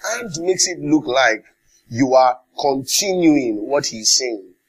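Husky Nigerian pastor preaching. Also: male voice, medium pitch, lively intonation, takes it slowly. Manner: emphatic preaching with call-and-response and acted quotes. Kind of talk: sermon.

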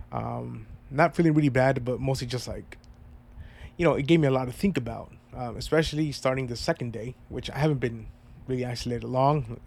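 A man's voice: mid-range voice, gravelly, a little mellow. A congested man talking earnestly and reflectively in a personal vlog, rambling and heartfelt. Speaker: vlogger.

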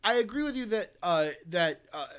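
A man co-hosting a casual political chat, animated and ranting, swearing often. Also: high voice, moderate pace, clean tone. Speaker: podcast co-host.

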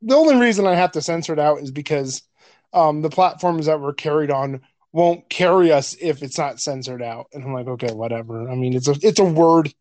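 A man's voice: on the high side, brisk, darkish tone, dry recording. A man co-hosting a podcast in casual chat, blunt and profane, laughing often. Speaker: podcast co-host.

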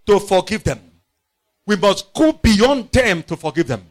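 A man preaching a sermon, emphatic and repetitive, swinging from loud outbursts to quiet, low phrases. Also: big pitch swings, unhurried. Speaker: pastor.

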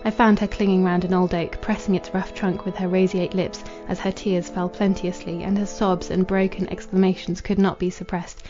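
A woman reading a classic novel aloud as a podcast narrator, in a measured, formal manner. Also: on the low side, level tone, warm tone. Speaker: audiobook narrator. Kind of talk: scripted literary narration. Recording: dull lo-fi with faint music.

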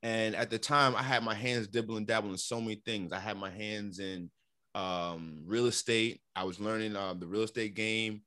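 A middle-aged man from New York telling his story in a casual interview, animated and repeating words as he acts out what others said. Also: fairly low pitch, moderate pace, clear, resonant tone, no room sound, clean studio sound. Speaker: interview guest.

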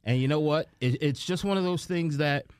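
A man's voice: on the high side, brisk, smooth, no room sound. A man co-hosting a podcast in casual chat, a jovial, silly storyteller. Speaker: podcast co-host.

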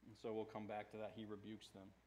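An American man preaching a sermon, telling a story with animated swings between loud quoted lines and hushed asides, laughing often. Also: lowish voice, fast, a little hiss or hum. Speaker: pastor.

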